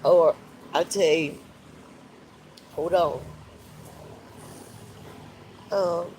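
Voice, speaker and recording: A man's voice: a little high, slow, darkish tone, slight background noise, poor audio. A man, crying as he talks heartfelt and repetitive to viewers on a live stream. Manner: tearful, heartfelt, repeats himself. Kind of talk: emotional live stream talk.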